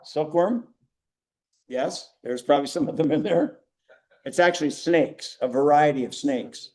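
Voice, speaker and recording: An older man giving an animated, self-mocking storytelling talk to a church audience. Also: fairly high pitch, unhurried. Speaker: guest speaker.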